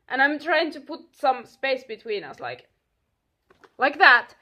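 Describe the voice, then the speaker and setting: A young woman telling a story casually, animated and swearing, acting out what people said. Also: high voice, unhurried. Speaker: vlogger.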